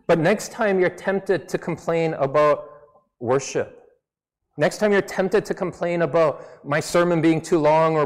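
A fairly high-pitched, slightly mellow male voice belongs to a pastor preaching in a conversational, self-deprecating style. His English carries a slight non-native accent, and the church hall adds a long reverb.

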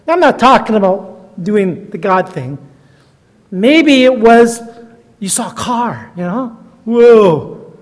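A man's voice: sits high, expressive, unhurried, pauses often, long reverb tail. A man in his sixties, a guest preacher, telling stories in a chatty, self-deprecating sermon. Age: 60s. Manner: chatty, self-deprecating, laughs at own jokes. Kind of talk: storytelling sermon.

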